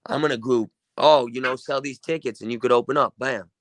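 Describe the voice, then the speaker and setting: With a medium-pitched voice moving at a fairly quick clip, a young guest musician from Kenosha, Wisconsin, tells meandering, foul-mouthed stories in relaxed conversation. There's no echo on the audio.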